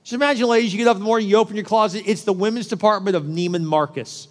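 High-voiced joking preacher in a hall. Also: male voice, rapid-fire. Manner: joking, conversational preaching with asides to the crowd. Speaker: pastor. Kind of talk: sermon.

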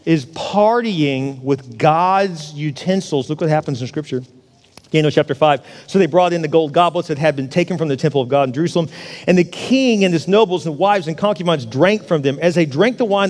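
High-voiced preacher man in a reverberant hall. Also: moderate pace. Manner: animated preacher, acts out a partying king. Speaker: pastor. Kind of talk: sermon. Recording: long church hall reverb.

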